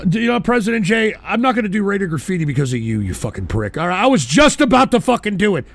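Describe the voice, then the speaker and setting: A man with a high, gravelly voice rants on his internet radio show. He is profane and combative, keeps pushing tag questions at his listeners, and suddenly shouts. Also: very animated, fast, hardly any pauses, dry recording. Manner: repeats insistent tag questions. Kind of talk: live-streamed ranting monologue.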